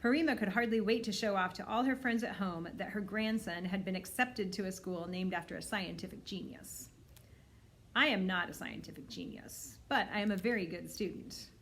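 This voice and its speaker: A woman librarian reading a children's novel aloud in a clear, steady storytelling manner. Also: mid-range voice, moderate pace, a little hiss or hum.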